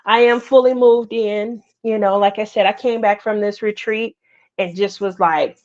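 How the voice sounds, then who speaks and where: A woman's voice: mid-range voice, fairly even intonation, normal speed, a little mellow. A middle-aged woman hosting a casual craft livestream, chatting with viewers by name and laughing often. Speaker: livestream host. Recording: slightly muffled livestream audio.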